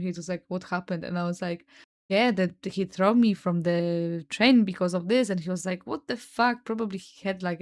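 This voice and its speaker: A young woman with a Polish accent, hosting a podcast and telling stories in a chatty way, peppered with "like" and "no?" and swearing. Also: medium pitch. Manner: chatty, lots of "like" and "no?" tags, swears freely. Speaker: podcast host. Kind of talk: casual storytelling monologue.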